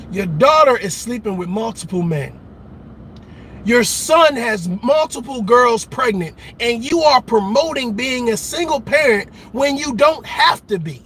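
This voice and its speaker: High-voiced man ranting emphatically. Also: bright, forceful tone, slight background noise. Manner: emphatic, repetitive, calls out to listeners. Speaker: show host. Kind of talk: impassioned commentary monologue.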